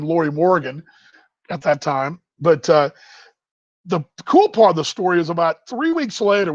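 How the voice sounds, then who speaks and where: A middle-aged man with a high voice tells a long anecdote on a live stream, circling back and correcting himself with plenty of ums and uhs. His voice comes through dull and lo-fi, dry with no room around it. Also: dry recording. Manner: rambling, self-correcting anecdote with many fillers. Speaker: baseball broadcaster. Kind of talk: casual storytelling on a live stream.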